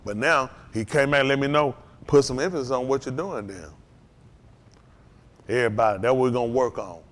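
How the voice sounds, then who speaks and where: A man preaching to a congregation, calling out to them and rising to shouts. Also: medium pitch, brisk. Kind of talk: sermon.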